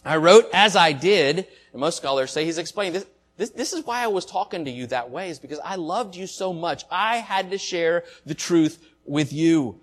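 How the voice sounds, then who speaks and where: Guy preaching, kinda high voice, earnest and heartfelt, goes loud then quiet. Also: lively intonation, moderate pace, hardly any pauses. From Southern United States. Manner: earnest, heartfelt preaching with swells and drops in loudness. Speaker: pastor. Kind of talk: sermon.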